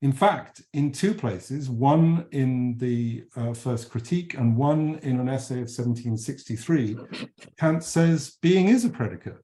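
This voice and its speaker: A middle-aged man giving an academic philosophy lecture, measured and emphatic, with frequent fillers and self-corrections. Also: mid-range voice, warm tone.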